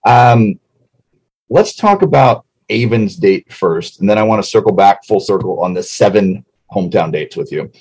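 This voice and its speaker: A man's voice: lowish voice, animated, a little mellow, breathy edge, rough recording. A man co-hosting a casual podcast, chatting about a reality show and rattling off plugs. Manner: chatty, reads plugs quickly. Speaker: podcast co-host.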